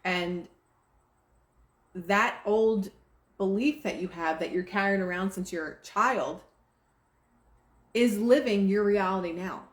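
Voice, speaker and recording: A woman hosting a manifesting livestream teaches casually, rambling with lots of "like" and restarted sentences. Her mid-range voice is relaxed and chatty, slow, with long pauses. She records at home, and the room echo is noticeable.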